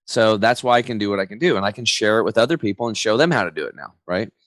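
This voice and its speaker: A man's voice: lowish voice, quick pace, no echo. A man in his forties, a podcast guest and health coach, chatting casually and acting out quotes as he tells stories. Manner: energetic storyteller, slangy, acts out quotes. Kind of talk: casual interview chat.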